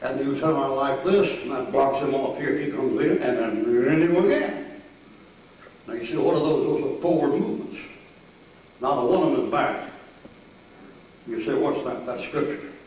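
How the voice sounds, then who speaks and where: A man's voice: medium pitch, normal speed, pauses often, a little hiss or hum. Folksy older man preaching in an echoey church. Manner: folksy, animated, shouts and laughs mid-story. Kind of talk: sermon with army stories. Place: church sanctuary. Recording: echoey distant church recording, dull and lo-fi.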